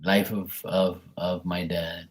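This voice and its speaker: A man's voice: low-pitched, flat delivery, slow. A middle-aged man reading tarot on a live stream, telling a rambling family story in casual chat, swearing and mimicking his relatives. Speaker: tarot reader.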